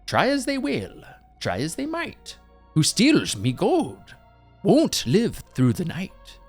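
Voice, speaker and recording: Man putting on a shrill, sing-song evil leprechaun. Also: wildly swooping pitch, slow pace, breathy edge, faint music behind, exaggerated voice. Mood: menacing. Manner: sing-song rhyming threats. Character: evil old male leprechaun, menacing and gleeful.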